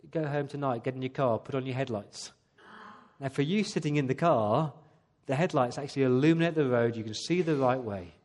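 A man's voice: medium pitch, a little mellow. A man preaching a sermon to his church, earnestly putting rhetorical questions to the congregation. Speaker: pastor. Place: church service.

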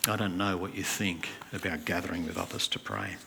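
A man preaching in an earnest, emphatic way. His voice sits low yet sounds bright and forceful. A faint hum of room noise runs underneath. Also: fairly even intonation, a little fast, creaky. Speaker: pastor. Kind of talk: sermon. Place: church hall.

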